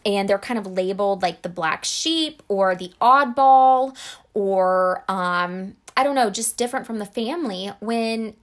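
A woman's voice: medium pitch, measured pace. A woman talking casually to camera about emotional support, earnest and conversational, with acted-out examples.

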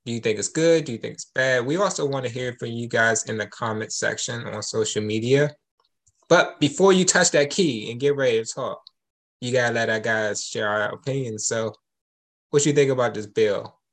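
A man hosting a casual talk show, talking in a relaxed way and thinking out loud. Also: medium pitch, moderate pace. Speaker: show host.

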